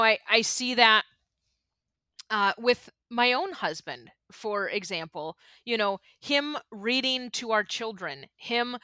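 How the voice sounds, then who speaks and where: Slow-talking bright-voiced woman host. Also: on the high side, clear, resonant tone, dry recording. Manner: hesitant, many restarts and fillers. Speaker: podcast host. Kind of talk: reflective conversational talk.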